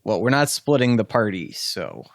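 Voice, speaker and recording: A man's voice: lowish voice, very animated, moderate pace, gravelly, no room sound. A man at a tabletop game session, speaking in character in a loose, joking way. His voice sounds close and dry, with no room around it. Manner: offhand, joking. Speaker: player. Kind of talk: casual in-character chat.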